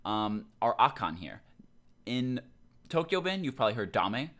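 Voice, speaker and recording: A man's voice: medium pitch, big pitch swings, moderate pace, fairly bright tone. A young man teaching a casual Japanese grammar lesson, explaining loosely with plenty of ums and likes.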